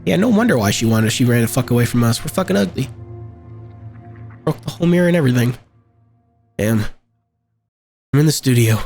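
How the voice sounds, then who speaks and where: A man reading a horror game aloud, with quiet reactions between passages, over game music. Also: mid-range voice. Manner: slow, flat narration with quiet reactions. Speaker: gameplay video host.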